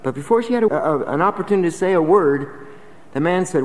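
An earnest male preacher delivers a sermon, exhorting and emphatic, swelling on key phrases. His voice sits a little high for a man, and a long hall reverb trails behind every line. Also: expressive, quick pace.

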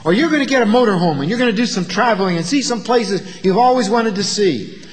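High-voiced preacher with rhetorical questions. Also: male voice, lively intonation, fast talker, in a large hall. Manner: rhetorical questions, swings from loud emphatic to quiet. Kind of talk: sermon.

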